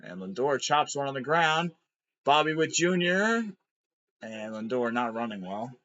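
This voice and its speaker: A tired man giving live game reaction commentary, frustrated and swearing, now and then breaking into shouts. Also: mid-range voice, sing-song, a little slow, dry recording, highs cut off. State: exhausted.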